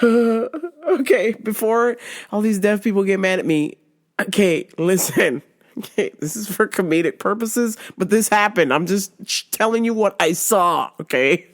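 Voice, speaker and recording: A woman podcast host recounts a story in loose, comedic chat. She laughs constantly and curses without a filter. Her delivery is slow, and her pitch leaps all over the place. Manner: laughs constantly, profane, animated.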